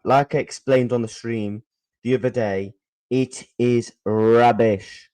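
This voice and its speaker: A young man vents to his stream chat. He is furious and swears, repeating the same lines over and over. His talk is slow and drawn out, into a desk mic at home. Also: mid-range voice, darkish tone, poor audio. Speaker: football fan channel host. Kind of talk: angry post-match reaction to live chat. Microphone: desk mic he is adjusting.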